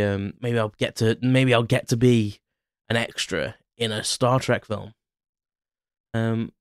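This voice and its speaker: A man's voice: medium pitch, dry recording, studio quality. A man hosting a podcast, rambling in a casual solo monologue with lots of fillers and self-mocking asides. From Ireland. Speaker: podcast host.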